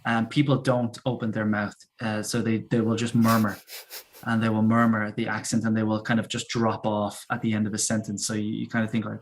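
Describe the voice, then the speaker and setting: A man with a soft Dublin Irish accent, chatting casually as a guest teacher over a video call, explaining things at length and laughing easily. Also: on the low side, flat delivery, fairly quick. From Ireland. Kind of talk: casual live-stream chat.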